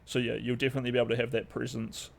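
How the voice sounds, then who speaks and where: A man's voice: mid-range voice, flat delivery, rapid-fire, creaky. A young man, streaming and chatting casually, rambling with lots of fillers and swearing. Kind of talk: casual live-stream chat.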